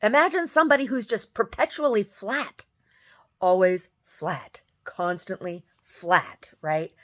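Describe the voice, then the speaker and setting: A woman who sings tells a story in a casual, exasperated rant, often mimicking other people. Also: measured pace. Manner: animated, exasperated, mimics others in high voices. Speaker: singer.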